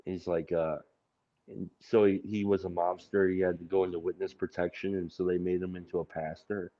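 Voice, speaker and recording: A man's voice: low-pitched, little pitch movement, fairly quick, muffled recording. A man hosting a casual chat, joking and rambling loosely. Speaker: host.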